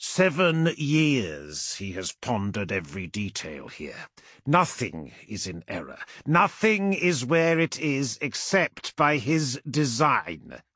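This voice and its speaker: A man reading as a rumbling, menacing armored warlord. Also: expressive, fairly bright tone, dry recording, clean studio sound. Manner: slow, rumbling, scornful. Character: towering armored male warlord, menacing and proud.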